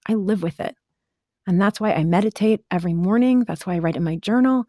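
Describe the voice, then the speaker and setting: A woman with a warm, mid-range voice talks briskly as she tells a personal story to camera. As a motivational speaker, she's earnest and chatty, leaning on "like" and "right?", and the studio-quality recording has no room sound.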